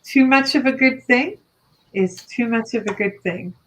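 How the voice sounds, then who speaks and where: Gentle woman giving card advice. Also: on the high side, measured pace, low-quality recording. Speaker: psychic card reader. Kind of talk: live online card reading.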